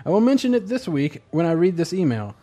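A man's voice: a little high, big pitch swings, brisk, dark tone. A man co-hosting a casual podcast, reading listener emails and telling a rambling story full of fillers. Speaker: podcast host.

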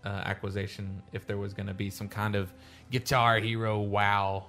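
A man's voice: lowish voice, level tone, normal speed, sharp tone, faint music behind. A man hosting a casual gaming podcast, rambling and laughing often. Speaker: podcast host. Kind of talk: casual chat.

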